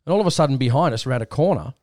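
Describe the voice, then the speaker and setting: A man's voice: medium pitch, very fast, no room sound, studio quality. An Australian man hosting a podcast, telling a rambling story in casual chat and acting out what others said. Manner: rambling, animated retelling with quoted voices. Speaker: podcast host.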